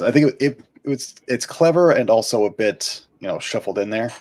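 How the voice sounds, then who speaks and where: Low-voiced man co-hosting a podcast. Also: very animated, darkish tone. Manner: thoughtful, halting restarts. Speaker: podcast co-host. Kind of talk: casual podcast discussion and episode recap.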